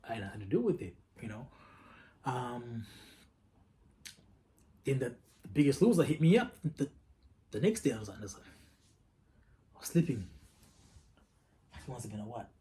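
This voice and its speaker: A man tells a personal story in a relaxed, casual way at a mid-range pitch. He is candid and profane, and he circles back over his words as he goes. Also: normal speed, long pauses. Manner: candid, profane, repeats himself. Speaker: vlogger.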